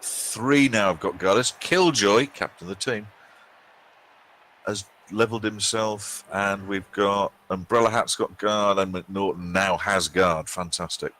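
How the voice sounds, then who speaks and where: A man's voice: fairly low pitch, fairly even intonation, measured pace, fairly bright tone, low-quality recording. A man hosting a casual game commentary, chatty and joking, thinking aloud as he goes. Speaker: host.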